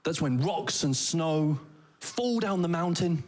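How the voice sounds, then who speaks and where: A man's voice: on the high side, animated, slow, darkish tone. A man doing a stand-up comedy set with a wry, playful, mock-posh delivery, recorded on stage.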